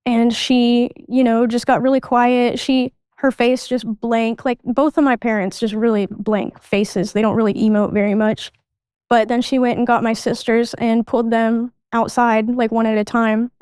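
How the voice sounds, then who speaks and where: A young woman talks through her own past as a podcast guest, pausing and restarting her sentences as she goes. Her voice sits a little high and comes through smooth and clear. The sound is close and dry, with no room around it. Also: flat delivery, a little mellow, no room sound. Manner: halting, restarts sentences, reenacts past dialogue. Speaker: guest sharing her life story. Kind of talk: candid personal storytelling.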